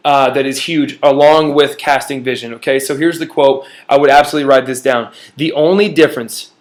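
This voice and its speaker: A man's voice: mid-range voice, steady tone, brisk. A young man giving an earnest, emphatic motivational business lesson, speaking straight to his viewers. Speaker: business trainer. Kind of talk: motivational teaching talk.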